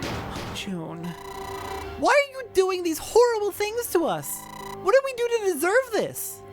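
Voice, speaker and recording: A narrator voicing a terrified young woman who screams and pleads in a high, breaking voice while reading a visual novel aloud. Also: lively intonation, takes it slowly, music in the background. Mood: screaming.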